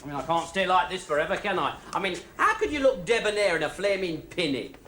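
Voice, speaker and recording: An actor playing a put-upon young shop assistant, wry and self-pitying. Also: male voice, high-pitched, sing-song, quick pace, noisy background.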